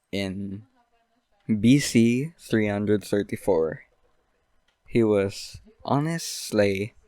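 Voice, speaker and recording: A young man hosting a podcast, rambling through an absurd deadpan comedic monologue full of fillers. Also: lowish voice, clean tone, no echo. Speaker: podcast host.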